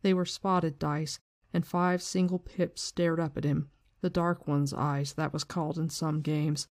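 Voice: mid-range voice, little pitch movement, measured pace, dry recording, studio quality. A book-discussion host retelling a story in a loose, slangy way with some swearing, switching into reading passages aloud.

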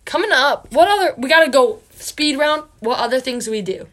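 A woman's voice: high-pitched, animated, fairly quick, fairly bright tone. A young woman from Wisconsin co-hosting a podcast, chatting casually with playful, teasing, giggly banter. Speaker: podcast co-host.

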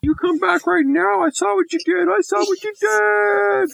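A man voicing a shrill, tattling parrot that scolds from a porch in a bedtime story. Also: steady tone, normal speed, creaky, fairly bright tone, full character voice, rough recording. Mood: scolding. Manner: squawking, scolding.

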